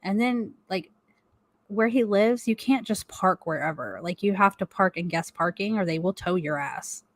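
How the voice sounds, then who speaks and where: A woman's voice: medium pitch, normal speed, dry recording. A middle-aged woman co-hosting a live stream chat from home, telling a rambling story full of swearing and laughs. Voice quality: animated, swears a lot, laughs often. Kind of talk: casual profane storytelling.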